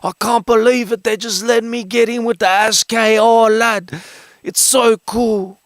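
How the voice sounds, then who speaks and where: A man impersonating a loud, excitable young man from Western Sydney, with a broad Western Sydney accent and drawn-out, awestruck exclamations. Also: very high voice, no room sound, studio quality, pitched above the performer's own voice. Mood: amazed.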